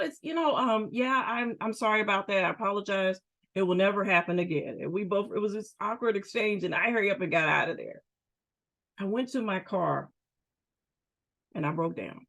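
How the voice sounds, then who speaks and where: A middle-aged woman, a podcast host and therapist, telling her personal story in a candid, emphatic, conversational way with frequent restarts. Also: on the low side. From United States.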